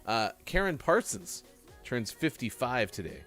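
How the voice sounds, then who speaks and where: A man's voice: medium pitch, a little slow, soft background music. A man hosting a morning show, chatting casually and joking with a co-host in a rambling way. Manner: lively, joking, rambling delivery. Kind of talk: casual live-stream radio chat.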